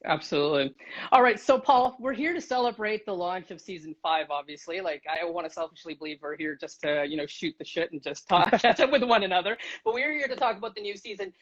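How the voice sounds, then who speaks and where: A man hosts a video-call interview in a rapid, chatty and upbeat way, openly excited by his guest. His voice is husky and sits at a middle pitch for a man, and the call audio sounds dull and lo-fi. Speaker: interviewer for a city blog.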